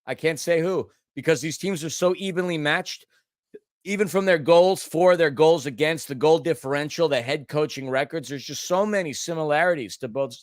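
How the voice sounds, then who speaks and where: A man's voice: on the high side, normal speed, dry recording, clean studio sound. A man co-hosting a casual sports podcast, hedging his match prediction while he has the hiccups. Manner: hedging, uneven delivery. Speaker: podcast co-host.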